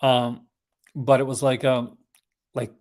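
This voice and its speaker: A man's voice: mid-range voice, level tone, takes it slowly, a little mellow. A man hosting a casual live unboxing stream, chatting in a rambling, conversational way with enthusiastic asides about films he collects.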